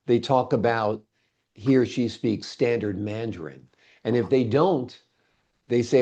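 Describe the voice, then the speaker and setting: Low, mellow-voiced male host. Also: normal speed. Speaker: interview host. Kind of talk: casual conversational interview. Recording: dull lo-fi recording.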